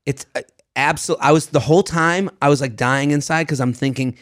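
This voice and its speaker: A man from Boston co-hosting a podcast, jokey and animated, with a Boston accent. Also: fairly high pitch, fairly quick. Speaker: podcast co-host. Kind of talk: casual chat.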